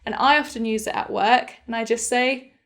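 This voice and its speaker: A young woman leads a beginner English lesson with a slightly high voice. She speaks slowly and clearly and models each phrase with careful pronunciation. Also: fairly even intonation, a bit bright. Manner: slow, clear, demonstrative pronunciation of example phrases. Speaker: English teacher.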